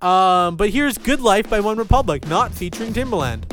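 A man's voice: expressive, moderate pace, loud music behind the voice. A man hosting a radio show, bantering in a brash, profane, mocking way. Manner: brash, profane, mocking, jumps into falsetto mimicry. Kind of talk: crude casual banter.

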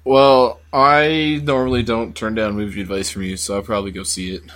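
A man's voice: on the low side, steady tone, brisk, fairly bright tone. A man co-hosting a casual chat, pushing back with dry teasing remarks.

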